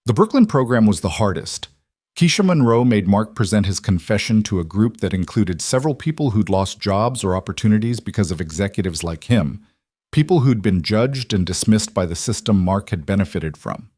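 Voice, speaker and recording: A man narrates a scripted drama in a calm, measured cadence. His voice sits on the low side, and the recording is dry and close, with no room around it. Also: no echo. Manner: steady, measured storytelling.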